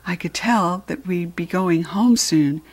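In a lowish voice and an unhurried pace, a woman narrates a children's audiobook, telling the story in an expressive, playful first-person style.

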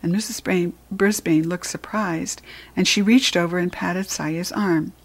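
A woman narrating a children's storybook in the first person with an expressive read-aloud delivery. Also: on the low side, measured pace, husky. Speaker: storybook reader.

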